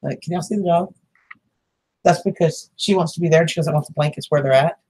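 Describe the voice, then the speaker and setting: A woman's voice: low voice, brisk, a little mellow, husky. A woman, hosting a casual livestream, chatting with viewers, greeting them by name and laughing often. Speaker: livestream host.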